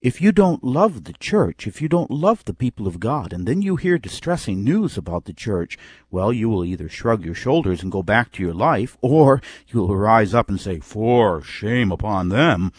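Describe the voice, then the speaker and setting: Male preacher, sermon delivery, animated pitch, dry close sound, reads scripture and voices imagined replies. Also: normal speed, few pauses, breathy edge, no room sound. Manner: reads scripture in old King James wording, acts out imagined replies.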